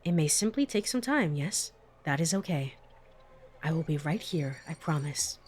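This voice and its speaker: A gentle caretaker, as a woman puts him on, speaking in soft, formal, soothing sentences with no contractions. The voice sits a little lower and quieter than her usual talk. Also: animated, moderate pace, a little hiss or hum.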